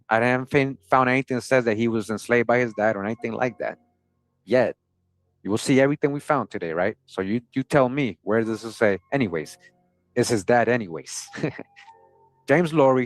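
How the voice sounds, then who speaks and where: A man's voice: medium pitch, no echo. A man hosting a history channel, casually talking through old sources and often asking his viewers "right?". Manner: conversational, keeps asking "right?", chuckles often.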